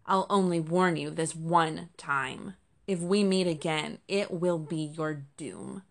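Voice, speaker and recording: A woman putting on a wise old black bear from a storybook, low and gravelly, with a slow, grave and protective way of speaking. He keeps his voice steady and firm. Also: heavily acted. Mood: stern warning.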